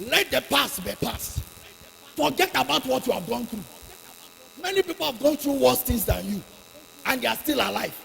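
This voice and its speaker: A man's voice: extremely high pitch, gravelly, a bit bright, slight background noise. A man preaching a fervent sermon, repeating his lines for emphasis, recorded in a long hall reverb. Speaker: pastor.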